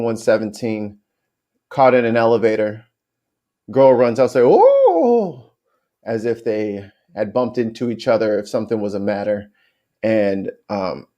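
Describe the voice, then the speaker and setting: A man's voice: mid-range voice, steady tone, moderate pace, darkish tone. A man co-hosting a podcast, talking casually with joking profanity and then walking his friends through a piece of history in a loose, storytelling way. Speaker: podcast co-host. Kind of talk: casual chat and informal history telling.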